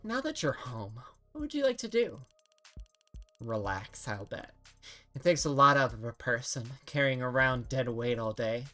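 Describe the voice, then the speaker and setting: A woman's voice: extremely low pitch, very animated, moderate pace, sharp tone, faint music behind, exaggerated voice. A woman voicing a female AI assistant in a game, sweet-sounding and passive-aggressive, with a condescending manner. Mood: sweetly smug. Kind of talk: game dialogue read-along.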